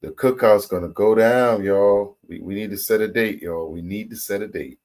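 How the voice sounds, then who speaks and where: An American man co-hosting a casual reaction chat, laughing often and telling animated stories. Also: fairly low pitch, moderate pace, a little hiss or hum. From United States. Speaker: co-host.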